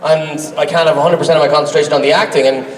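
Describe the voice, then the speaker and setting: A man's voice: on the high side, fairly even intonation, very fast, a little hiss or hum. A man, an actor joking and teasing on a convention panel. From Boston. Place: large convention hall. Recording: echoey hall, from a distance.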